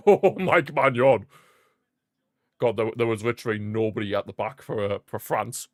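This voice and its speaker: A man giving casual live commentary on a football match as he watches along, chatty and prone to repeating himself with sudden excited bursts. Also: mid-range voice, normal speed, dry recording, clean studio sound.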